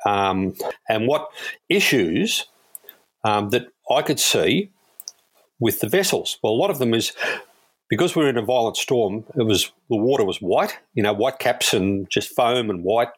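An Australian man, a police air crewman, telling anecdotes in a relaxed, chuckling way and acting out the people he quotes. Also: medium pitch, measured pace, slightly rough. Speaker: guest, police airwing crewman. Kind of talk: casual storytelling.

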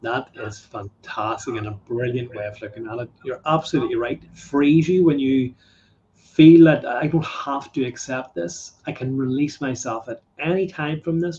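A man's voice: mid-range voice, mellow, dull audio. A man hosting an interview, responding with enthusiastic, affirming remarks. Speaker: interview host. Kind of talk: conversational interview.

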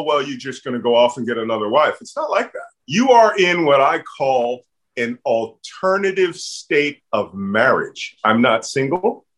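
A middle-aged man with a Philadelphia accent, telling stories in a conversational interview and acting out the voices he quotes. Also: a little high. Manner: animated storyteller, acts out quoted voices. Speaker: guest.

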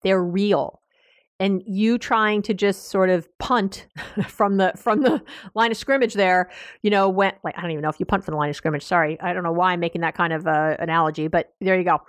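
An American woman therapist hosting a podcast, giving animated casual advice, laughing and restarting her sentences. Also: lowish voice, brisk, dry recording. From United States.

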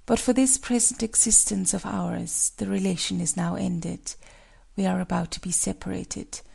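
A woman's voice: mid-range voice, steady tone, moderate pace, vocal fry, dark tone, slightly rough. A woman voicing a dying young female willow spirit, speaking feebly and pleadingly in a storybook reading.

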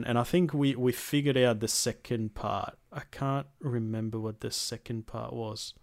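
A young man chatting casually about a video game, relaxed and swearing freely, with plenty of ums. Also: medium pitch, normal speed, gravelly, hardly any pauses, no room sound. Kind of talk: casual gaming chat.

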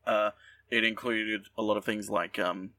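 A man's voice: fairly low pitch, fairly even intonation, moderate pace, sharp tone, recorded from a distance. A man co-hosting a podcast in casual chat, rambling with lots of ums and restarts. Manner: rambling, many fillers and restarts. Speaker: podcast co-host.

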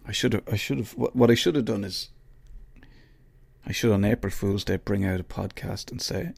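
Gravelly and a touch mellow, this man's fairly low voice moves at a moderate pace with a breathy edge and no room sound. He's an Irish podcast host in a casual solo chat, wandering off topic, mocking himself, and starting over many times.

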